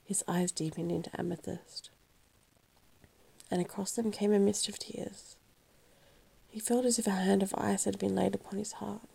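Gravelly woman narrating a novel. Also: mid-range voice, steady tone, warm tone. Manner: measured, dramatic storytelling. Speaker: audiobook narrator. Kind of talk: scripted narration of a classic novel.

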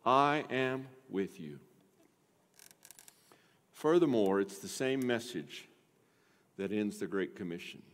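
A man preaching a sermon. His voice swings from hushed and low to loud and emphatic, he repeats phrases, and he stretches out key words. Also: lively intonation, slow, pauses often, in a large hall. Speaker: pastor.

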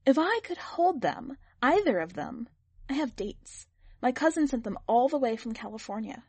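A woman's voice: on the high side, very animated, normal speed, darkish tone, breathy edge, dry recording, pitched above the performer's own voice, heavily acted. A wistful neighbor woman, voiced by a woman reader. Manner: wistful, eager.

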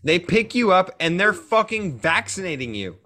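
A man's voice: high-pitched, sing-song, moderate pace, pushed and bright. A man hosting a casual podcast, ranting angrily and swearing a lot. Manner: angry, profane ranting. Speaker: podcast host.

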